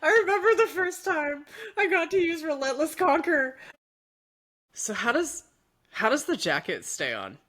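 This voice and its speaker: A woman's voice: high-pitched, measured pace. A woman co-hosting a casual chat about games, laughing often and telling stories in a rambling way. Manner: laughing, animated, rambling storytelling. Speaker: podcast co-host.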